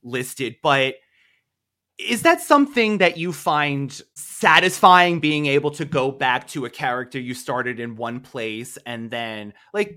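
A man with a New York accent hosts a relaxed interview. His voice sits in the middle range, and he encourages his guest eagerly. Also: mid-range voice, measured pace. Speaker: podcast host. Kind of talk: casual interview chat.

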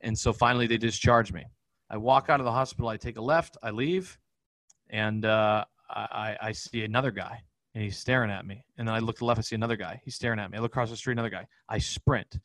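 A man's voice: fairly low pitch, steady tone, a bit bright, no room sound, low-quality recording. Man telling a wild, profane story. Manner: profane, rapid-fire, vivid recounting. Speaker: podcast guest. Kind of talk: candid storytelling in an interview.

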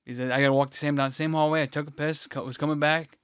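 Smooth-voiced man telling a profane story. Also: on the high side, level tone, quick pace, fairly bright tone, no echo, clean studio sound. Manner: profane, blunt, rambling with restarts. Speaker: podcast co-host. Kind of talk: casual storytelling chat.

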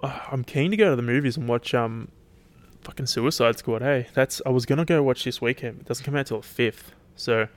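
A brisk, medium-pitched Australian man chats casually on his solo podcast. Laid-back and rambling, he swears a lot while tired and yawning.

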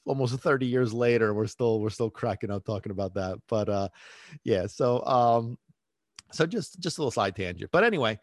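A man's voice: medium pitch, lively intonation, normal speed, no echo, studio quality. A man hosting a dog-training podcast, talking casually and rambling into side tangents, laughing at his own stories.

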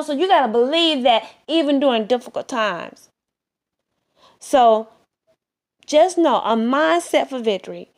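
Woman preacher with a slightly high voice, delivering an earnest, repetitive sermon. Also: animated, unhurried. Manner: earnest, repetitive exhortation with many restarts.

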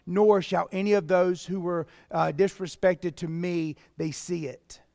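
A man's voice: high voice, fairly even intonation, measured pace, vocal fry, darkish tone, no echo, long reverb tail. A man preaching a sermon, reading scripture and dramatizing it with rising intensity. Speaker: pastor.

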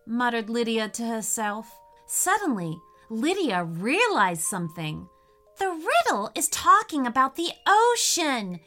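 A woman reads a children's story aloud in a high, bright, sing-song voice. She takes her time, letting each line swoop up and down expressively, with faint music playing underneath. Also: huge pitch swings, measured pace.

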